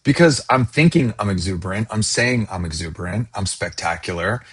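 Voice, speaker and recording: A man's voice: fairly low pitch, expressive, a little fast, fairly bright tone, slightly rough. A middle-aged man hosting a live conversation, talking emphatically and swearing casually. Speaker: host.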